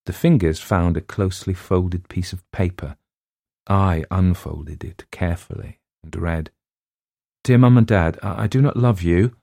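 A man with a very deep, dark voice narrates a story aloud. He reads in measured phrases with dramatic pauses. The sound is dry and close. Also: no echo. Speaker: reader.

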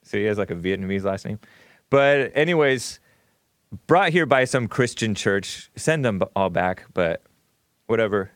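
A host from California delivers a rambling, casual livestream monologue, laughing often and filling it with fillers, restarts and chuckles. His voice is on the low side and expressive at a moderate pace, with clean studio sound and no room echo.

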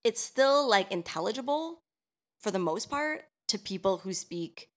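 A woman's voice: medium pitch, lively intonation, measured pace. A woman co-hosting a podcast, chatty and explanatory with playful asides. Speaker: podcast co-host. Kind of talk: casual podcast discussion.

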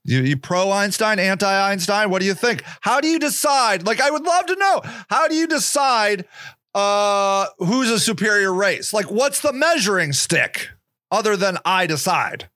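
A man's voice: high-pitched, lively intonation, moderate pace, pushed and bright, no room sound, studio quality. A man hosting a podcast, delivering a profane, sarcastic monologue rant with mocking put-on voices. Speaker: podcast host. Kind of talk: opinionated monologue.

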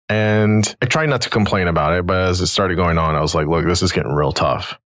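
A man's voice: sits low, normal speed, a bit bright, no echo. A middle-aged man hosting a podcast, casually telling a long story and quoting others in his own voice. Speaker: podcast host.

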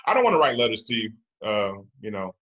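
A man with a somewhat low voice co-hosts a casual podcast. He talks haltingly and fills gaps with fillers. The recording sounds dull and muffled. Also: sing-song, fairly bright tone, breathy edge. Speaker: podcast co-host. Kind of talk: casual chat.

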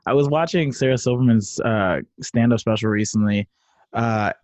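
A man's voice: mid-range voice, normal speed, a crowd in the background. A man co-hosting a casual sports podcast, telling stories in a laid-back way and laughing often. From USA. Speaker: podcast co-host. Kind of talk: casual chat.

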